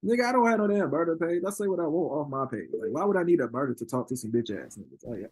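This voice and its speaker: Animated husky man telling stories. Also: racing, dry recording. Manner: animated storyteller, acts out quotes in high voices, laughs a lot. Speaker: interview guest, rapper. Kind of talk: casual chat.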